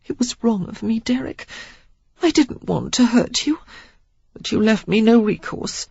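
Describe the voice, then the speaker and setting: A woman's voice: fairly high pitch, animated, a little slow, creaky, a little mellow, breathy edge, no room sound, pitched above the performer's own voice, exaggerated voice. A narrator voicing a scheming, desperate aristocratic lady in an audiobook who speaks breathlessly and pleads. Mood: pleading. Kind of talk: audiobook character voice. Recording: dull lo-fi dry recording.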